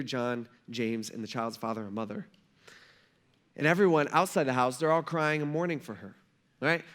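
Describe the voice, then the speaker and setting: Man, pastor, high voice, relaxed slangy sermon, acts out quoted lines. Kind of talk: casual sermon. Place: church.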